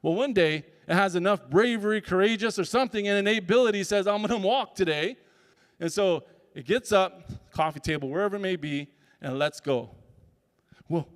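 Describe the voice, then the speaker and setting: A man's voice: sits high, moderate pace. A man giving a motivational talk as a summit speaker. He tells stories and acts out voices and sounds. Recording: reverberant hall.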